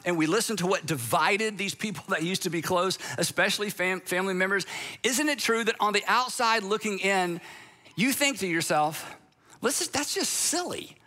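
A man's voice: high-pitched, moderate pace, pushed and bright. A man giving a sermon-style talk to an audience, emphatic and conversational, with sarcastic asides. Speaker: speaker.

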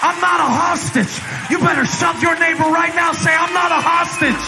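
A man preaching a fiery sermon in a large church, shouting in repeated refrains. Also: extremely high pitch, fairly even intonation, moderate pace, a crowd in the background, background noise. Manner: shouting, rising intensity, repetitive refrains. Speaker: pastor.

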